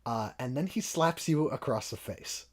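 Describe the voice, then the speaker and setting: A man's voice: mid-range voice, animated, moderate pace. A man running a tabletop game as game master, narrating casually with fillers.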